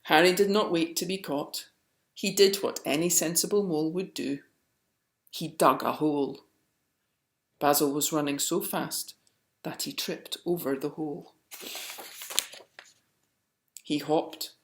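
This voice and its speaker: A woman reading a picture book aloud, slowly and expressively. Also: low-pitched. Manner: slow and expressive. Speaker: storyteller. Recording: roomy echo.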